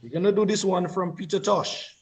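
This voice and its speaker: A man hosting a radio talk show, calm and courteous as he thanks his guests and leads into a music break. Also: sits high, fairly quick.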